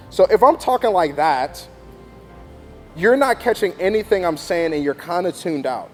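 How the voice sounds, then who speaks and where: A man training student volunteers to host church services, emphatic and animated, often checking in with "okay?". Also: sits high, moderate pace, soft background music. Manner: animated, emphatic, demonstrates with mock announcements. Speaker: youth ministry leader training hosts.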